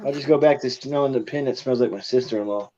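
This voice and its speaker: A man's voice: medium pitch, fast, mellow. A man in casual chat, joking and teasing his co-host. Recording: dull lo-fi sound.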